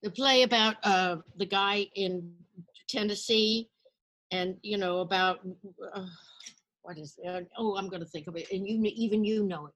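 In a storytelling interview, the older actress speaks at medium pitch and a moderate pace, lively as she recalls her past and acts out those she quotes.

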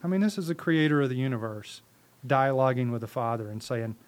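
A ministry leader on a podcast preaches with intensity in a conversational way, firing off rhetorical questions and repeating words. His mid-range voice is animated and fairly quick.

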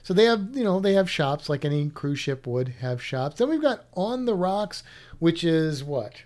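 A woman's voice: sits low, very animated, moderate pace, a little mellow. A woman co-hosting a casual chat, rambling and playful, trailing off mid-sentence. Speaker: podcast co-host.

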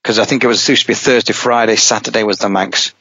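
A middle-aged man, a rally driver, telling a long anecdote in casual talk, lively and rambling, with many restarts. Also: lowish voice, fast talker, husky, no echo. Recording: dull, dry podcast audio.

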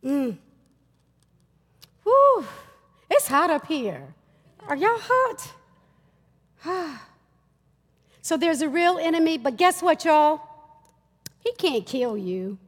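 A woman minister preaching a sermon, talking to the congregation in a lively, chatty way and calling out to them often. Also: high-pitched, extremely slow, pauses often, big-room sound. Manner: lively, conversational preaching with audience call-outs. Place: church stage.

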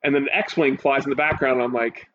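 A male co-host with a mid-range voice talks fast, an eager storyteller excitedly recounting a show in casual chat. The audio is slightly muffled and dull, with a faint hiss.

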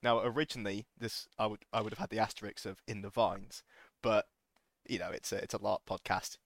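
A man hosting a podcast, asking questions in relaxed, jokey casual chat. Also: fairly low pitch, dry recording. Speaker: podcast host. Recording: dry podcast audio.

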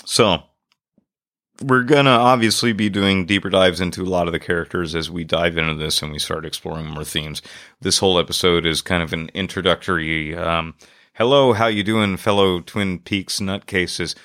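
A man's voice: sits low, steady tone, fairly quick, sharp tone, no echo, studio quality. A man from Ireland co-hosting a podcast in casual chat, laughing and swearing freely. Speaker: podcast co-host.

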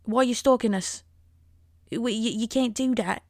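A woman's voice: on the high side, normal speed, darkish tone, dry recording, clean studio sound, voice pushed up, close to an everyday voice. Woman faking an indignant Scottish-sounding man. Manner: indignant, demanding. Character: blustering man with a wobbly Scottish-sounding accent.

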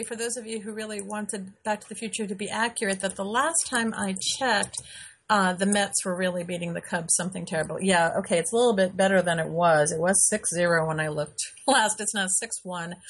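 A middle-aged woman hosting her own show, chatting casually and rambling with frequent pauses and laughs. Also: medium pitch, fairly bright tone. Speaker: show host. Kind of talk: casual live-stream chat.

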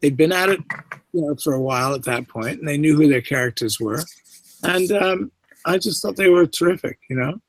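A middle-aged Canadian man talks as a guest in a relaxed interview, his speech carrying a faint English inflection. He rambles and restarts his sentences freely, and his voice sounds dry and close, with almost no room sound. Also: a little high, fairly quick, dry recording, low-quality recording. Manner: rambling, many restarts and asides. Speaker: guest actor. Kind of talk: casual interview chat.

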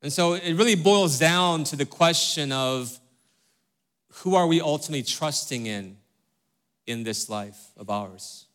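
Unhurried and fairly high-pitched, this middle-aged man's bright voice carries a sermon that feels like a conversation. He speaks directly and earnestly to his congregation, filling his talk with checks like "right?" and "okay?".

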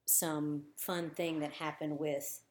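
A woman hosts an interview in a casual, chatty way. She asks her guest eager questions and reacts to her stories. Her voice sits a little low. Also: little pitch movement, slow pace, darkish tone, slight background noise.

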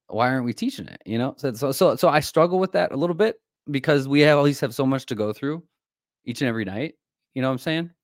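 A man co-hosting a podcast, rambling in a halting way with lots of fillers about faith. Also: mid-range voice, no room sound, studio quality. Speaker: podcast co-host. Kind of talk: casual faith talk.

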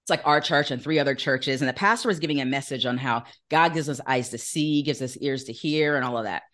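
A woman guest on an interview podcast, telling a personal faith story in an earnest, animated way and acting out the voices she quotes. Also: extremely low pitch, fast talker. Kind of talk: conversational testimony in an interview.

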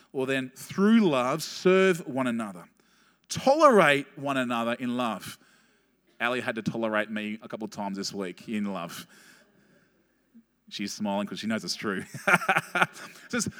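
A man preaching a sermon as pastor, telling a story with quick, animated asides and laughing at his own jokes. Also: mid-range voice. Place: church hall. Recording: long reverb of a church hall.

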